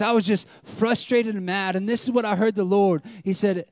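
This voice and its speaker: A young man preaching a sermon as pastor, animated, swinging between loud emphasis and hushed, intimate lines. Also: high-pitched, moderate pace, dry recording, clean studio sound.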